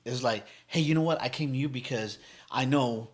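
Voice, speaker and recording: A man appears on a podcast as a motivational speaker, telling stories energetically in casual chat, cursing heavily and acting out what people said. His voice is mid-range at a normal speed.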